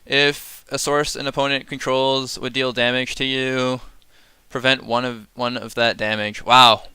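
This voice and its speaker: Chatty male streamer, bright crisp voice, dry close mic, sarcastic and prone to mock rants. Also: medium pitch, little pitch movement, measured pace, no echo. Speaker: streamer reviewing card game sets. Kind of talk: casual live-stream commentary.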